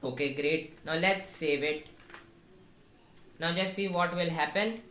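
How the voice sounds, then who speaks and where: A man walks through a coding tutorial, explaining each step in a slow, instructive way. His voice sits on the low side, and the unhurried pace leaves room between his phrases. The room is echoey, with faint keyboard typing underneath. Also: bright, forceful tone, slight background noise. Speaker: programming tutor. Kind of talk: screen-recorded coding tutorial.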